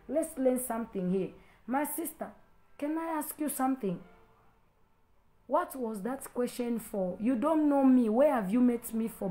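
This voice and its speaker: A woman preacher with an African accent, scolding a critic in her congregation. Her voice sits a little high, and she fires off one pointed rhetorical question after another. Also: darkish tone. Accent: African English. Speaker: pastor. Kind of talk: preaching to a live stream.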